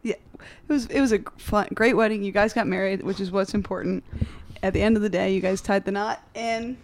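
A woman's voice: medium pitch, fairly even intonation, a little fast, a little hiss or hum. A young adult woman co-hosting a casual podcast, telling a story in a rambling, self-deprecating way with frequent laughs. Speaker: podcast host.

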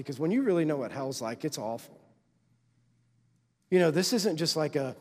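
A man's voice: a little high, very animated, moderate pace, breathy edge. Conversational male pastor in a reverberant hall. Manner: conversational preaching, constant "right?" check-ins. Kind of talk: sermon. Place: church sanctuary.

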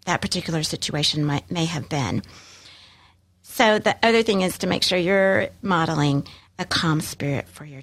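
Woman host talking straight to listeners, encouraging and kind, prepared talk, mid voice. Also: medium pitch. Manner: warm, encouraging, speaks directly to listeners. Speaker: podcast host giving parenting advice.

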